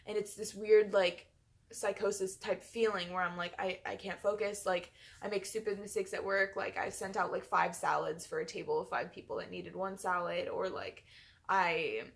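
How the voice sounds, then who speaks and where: A woman's voice: mid-range voice, fairly even intonation, moderate pace, vocal fry. A young woman telling a personal story in a chatty vlog, full of fillers. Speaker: vlogger.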